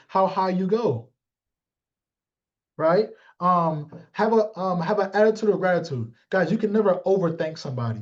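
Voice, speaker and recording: A man's voice: high-pitched, darkish tone, highs cut off. A man coaching his sales team in a live motivational talk, blunt and joking, calling on listeners by name and acting out little exchanges.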